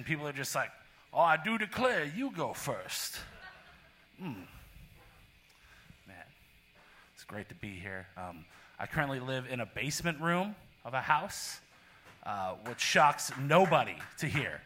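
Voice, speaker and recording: A young man from Portland doing a laid-back stand-up set at a small live venue, deadpan with sudden loud bursts. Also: fairly high pitch. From Portland, Oregon. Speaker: stand-up comedian.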